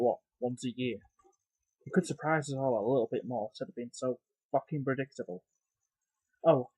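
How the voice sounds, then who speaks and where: A man delivering a profane, exasperated rant as a video review, sighing often between complaints. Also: no echo. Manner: loud and emphatic at first, then grumbling and lower. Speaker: wrestling reviewer.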